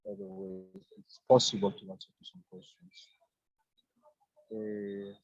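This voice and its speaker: A man teaching an online English grammar lesson, explaining step by step with halting restarts. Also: fairly low pitch, very animated, gravelly, breathy edge, dry recording. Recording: dull lo-fi dry sound.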